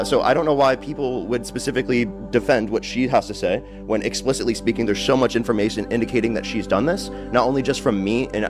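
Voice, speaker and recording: Male streamer, rapid, defensive, music clearly playing behind. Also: fairly low pitch. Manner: insistent, defensive. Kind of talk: defensive livestream talk.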